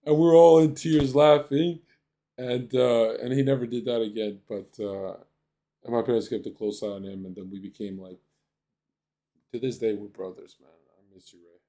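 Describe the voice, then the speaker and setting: A man from Canada hosting a stream. He tells stories in a crude, animated way and acts out the voices of the people he quotes. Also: mid-range voice, normal speed. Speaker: streamer host. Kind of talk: casual storytelling on stream.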